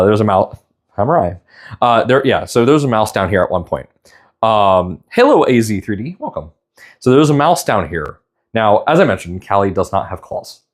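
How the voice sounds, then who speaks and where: A young man chatting casually on a live stream, rambling and tender, stopping to apologize now and then. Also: fairly low pitch. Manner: rambling, tender, stops to apologize while tearing up.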